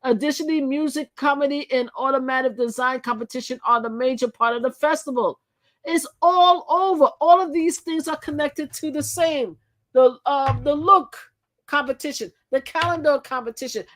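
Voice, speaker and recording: A woman hosting a live channel, reading articles aloud and commenting in a chatty way, often repeating and restarting her phrases. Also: sits high. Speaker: channel host.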